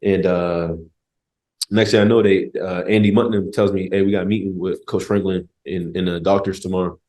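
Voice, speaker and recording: A young man in his twenties, a former college football player and podcast guest, tells a personal story in a relaxed, joking way, full of slang and casual swearing. He speaks at a normal speed in a low, warm voice with a level tone.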